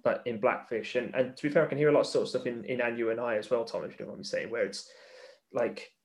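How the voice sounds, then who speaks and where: A man from England hosts a casual podcast chat in a mid-pitched voice. He hesitates often, stacking fillers and restarting his questions. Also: fast, darkish tone. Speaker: podcast host.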